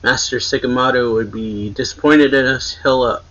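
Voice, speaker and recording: A man reading out the lines of a young male vampire fighter, a bit louder and higher than his own talk, on a muffled recording. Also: steady tone, moderate pace, close to an everyday voice. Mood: casual.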